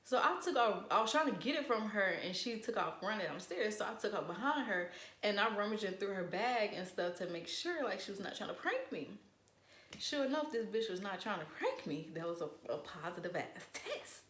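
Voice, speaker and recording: A young woman in casual storytime chat, animated and profane, acting out what people said. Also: medium pitch, fairly quick, reverberant. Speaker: vlogger.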